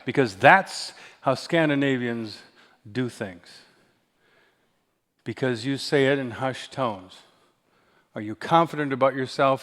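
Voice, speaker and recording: A man's voice: mid-range voice, takes it slowly, pauses often, a bit bright. A man in his sixties preaching a sermon, telling stories with acted-out whispers and dry humor. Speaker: pastor. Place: large church sanctuary. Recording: reverberant church hall.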